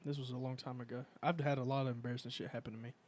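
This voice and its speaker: A young man hosting a casual chat, telling profane stories and shouting out quoted lines. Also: mid-range voice, level tone, racing. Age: young adult. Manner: profane storytelling, loud acted quotes. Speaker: podcast host.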